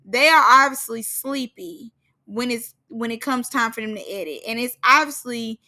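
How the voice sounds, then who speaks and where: A woman casually recapping a reality show for her followers, animated and slangy, often breaking into laughter. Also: fairly high pitch, moderate pace. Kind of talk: casual gossip commentary.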